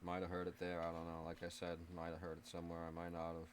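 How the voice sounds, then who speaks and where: Brief: male co-host, very deep voice, talks fast, faint background noise behind. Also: completely flat delivery. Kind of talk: casual live show banter.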